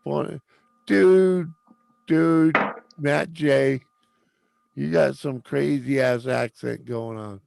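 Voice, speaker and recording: A man's voice: medium pitch, steady tone, drawn-out words, vocal fry, long pauses, noisy background. A man with a New England accent co-hosting a casual livestream chat, blunt, teasing and liberally profane. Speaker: co-host.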